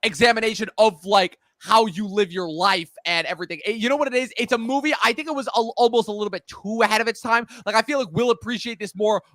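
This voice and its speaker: A man hosts a relaxed movie chat in a high, bright voice. He states his opinions firmly and with emphasis. The recording is dry and close. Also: quick pace, hardly any pauses, no echo. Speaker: podcast host. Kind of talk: casual chat.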